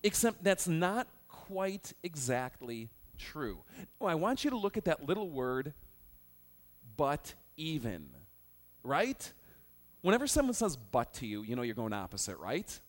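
A male pastor preaching a Bible-study sermon, animated and joking as he teaches. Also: a little high, moderate pace.

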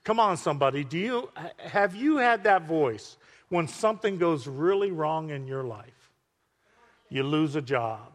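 A man preaching a sermon to a congregation, animated and full of call-outs to the listeners. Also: fairly high pitch, a little slow. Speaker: pastor. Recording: long hall reverb.

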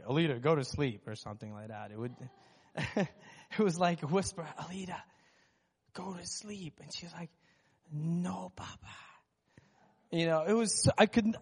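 A man's voice: on the high side, a little mellow, big-room sound. A worship leader, a man, sharing a candid, self-deprecating testimony with his church. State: recovering from lost voice. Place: church sanctuary.

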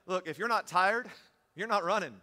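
A man preaching a sermon, moving from steady teaching to loud, emphatic preaching. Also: high voice, moderate pace, long reverb tail.

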